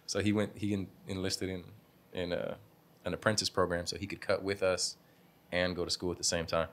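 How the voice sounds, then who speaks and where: A man's voice: sits low, level tone, a little fast, fairly bright tone. A young man who owns a barbershop, telling stories in a casual interview in a laid-back, slangy way, laughing often and acting out what people said. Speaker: barbershop owner, guest.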